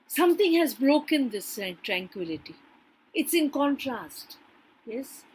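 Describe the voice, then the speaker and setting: A woman's voice: sits high, expressive, unhurried, breathy edge, poor audio. Woman teacher checking in with "yes?". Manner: checks in with frequent yes and right; hesitant restarts and fillers. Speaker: literature teacher. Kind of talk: classroom lecture on a poem.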